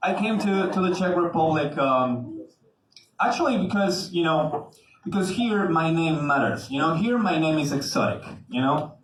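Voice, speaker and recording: A man's voice: a little high, expressive, moderate pace. A young man from Mexico doing a stand-up set as the evening's emcee, chatty and full of fillers, talking with the crowd. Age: young adult. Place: comedy club on stage. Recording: echoey club from a distance, noisy. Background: audience laughter.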